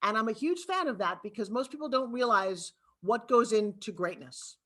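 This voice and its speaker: A woman from Long Island with a New York accent, telling her life story as an expressive, talkative guest on a video call interview. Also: a little high, normal speed. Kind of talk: animated storytelling.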